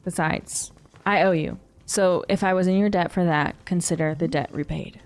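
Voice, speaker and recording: A woman voicing a gentle, unhurried tea shop keeper in a video game, speaking formally and coaxing someone to rest. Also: lowish voice, lightly acted.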